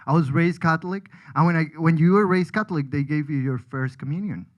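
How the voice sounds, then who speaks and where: A man's voice: fairly high pitch, fairly quick, muffled recording. A man from Colombia, a comedian rambling through a self-deprecating stand-up set with frequent restarts.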